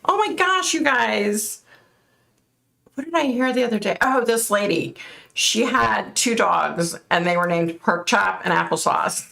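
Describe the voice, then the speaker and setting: A middle-aged American woman, overheated and sweating, chats casually while reading comments as a psychic live-stream host. She laughs often and thanks viewers by name, her medium-pitched voice creaky, pushed and bright, with lively intonation at a measured pace.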